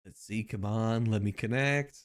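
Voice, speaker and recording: A man's voice: on the low side, moderate pace. A man streaming live, chatting casually with his viewers and joking between tasks. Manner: chatty, joking asides to chat.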